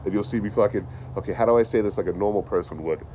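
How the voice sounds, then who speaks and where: A man's voice: fairly low pitch, rapid-fire, noisy background. A man chatting casually on a livestream, rambling and swearing, laughing often as he tells stories. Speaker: traveling livestreamer.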